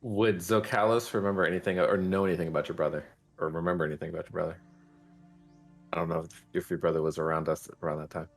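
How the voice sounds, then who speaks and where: A man playing a tabletop game, asking questions in a relaxed way. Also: sits low, fast, soft background music. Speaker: player.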